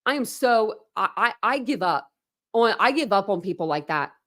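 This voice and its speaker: A woman hosting a true crime channel rants through heated commentary on online drama. She swears freely and keeps repeating herself as she works herself up. When she reads documents aloud, her tone slows and turns mocking. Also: mid-range voice, animated, a bit bright.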